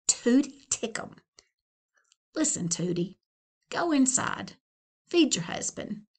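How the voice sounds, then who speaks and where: A woman voicing a serious, cynical little girl in a storybook read-aloud, speaking intently and deliberately with a lively, high voice that rises and falls. She talks slowly, as if every word matters. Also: breathy edge, heavily acted. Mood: earnest. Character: earnest cynical young girl, comic-book fan.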